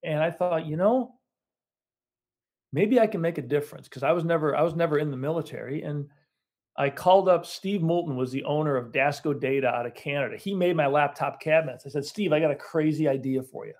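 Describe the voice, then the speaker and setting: Speaking briskly in a fairly high, slightly mellow voice, a business owner recounts his story during a casual interview. His telling rambles and self-corrects, peppered with fillers and restarts.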